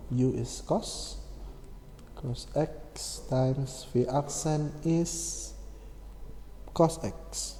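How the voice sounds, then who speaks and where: A man explaining a maths problem step by step, slow and methodical, with many fillers and self-corrections. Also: medium pitch, mellow. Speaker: maths tutor. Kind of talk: screen-recorded maths lesson. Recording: echoey room with long reverb, faint hum.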